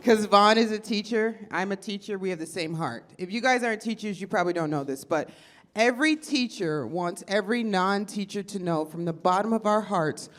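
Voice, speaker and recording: A woman from Chicago doing a stand-up set, brash and profane, swinging from deadpan asides to loud outbursts. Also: medium pitch, a little fast. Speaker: stand-up comedian and teacher. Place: comedy club stage with audience.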